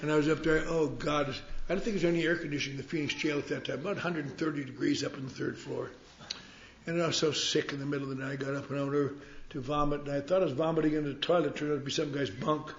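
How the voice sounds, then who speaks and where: A man's voice: a little high, fairly even intonation, very fast, a little hiss or hum. A man telling his story with wry, self-mocking humor at a recovery meeting. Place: meeting hall. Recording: roomy, dull live recording.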